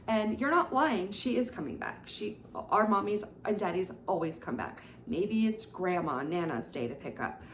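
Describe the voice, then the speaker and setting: A woman's voice: mid-range voice, expressive, moderate pace, hardly any pauses, slight background noise. Woman educator in an echoey room. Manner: conversational, with frequent fillers. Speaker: early childhood educator. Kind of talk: instructional talk. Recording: roomy echo.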